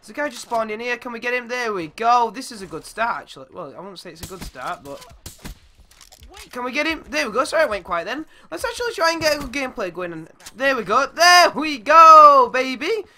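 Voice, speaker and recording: Young male gamer, high bright voice, swears and yelps, squeaky when excited. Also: fast talker, slight background noise. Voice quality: goes squeaky when yelling. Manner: excitable, shouts and swears at the game. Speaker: gaming YouTuber. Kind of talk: live gameplay commentary.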